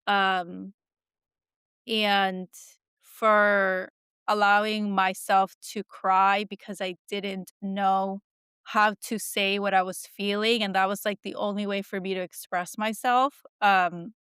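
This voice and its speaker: Soft-spoken reflective woman, smooth voice. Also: medium pitch, level tone, slow pace, no echo, clean studio sound. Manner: soft, reflective, rambling with many fillers. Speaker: podcast host. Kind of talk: casual heartfelt conversation.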